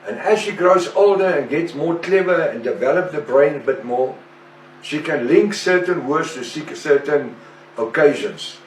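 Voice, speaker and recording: Man, preacher, slightly high voice, echoey room, faint background ambience. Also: expressive, far from the mic, a little hiss or hum. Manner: slow and deliberate, with rhetorical questions. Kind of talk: sermon-style teaching monologue.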